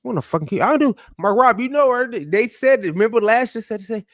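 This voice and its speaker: A man telling a story in casual podcast chat, loud and profane, animated, with sudden drops to mutters. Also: high-pitched, quick pace, dry recording, studio quality. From United States.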